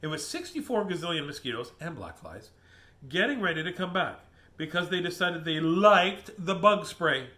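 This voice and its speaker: Animated man reading a picture book. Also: on the high side, brisk. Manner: animated, chuckling asides to the listener. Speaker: children's book reader.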